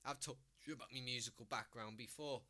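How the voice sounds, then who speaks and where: Sweary Scouse man with a bright voice. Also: mid-range voice, fairly even intonation, fast talker. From Liverpool, England. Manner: blunt, sweary, mocking. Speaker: streamer. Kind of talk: casual ranting commentary.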